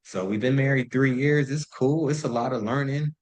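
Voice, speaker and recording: A man's voice: medium pitch, normal speed, a little mellow, poor audio. A man in his thirties, a podcast guest, telling stories in loose, profane casual chat full of "like". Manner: loose and profane, heavy use of "like".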